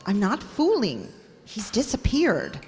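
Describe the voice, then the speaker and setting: A woman's voice: medium pitch, slow, in a large hall, heavily acted. An actress playing a witty socialite wife who coaxes her husband in an old-time radio drama. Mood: urgent. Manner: animated, coaxing.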